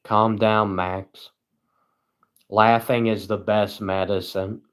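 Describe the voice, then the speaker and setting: A man livestreaming at home, reading chat aloud and answering with deadpan sarcasm and frequent chuckles. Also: on the low side, slow pace, smooth.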